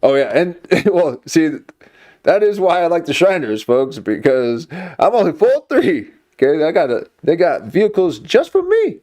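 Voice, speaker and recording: A man's voice: fairly high pitch, sing-song, a little slow, a little mellow. A man streaming, chatting casually in a rambling, jokey way. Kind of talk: casual chat.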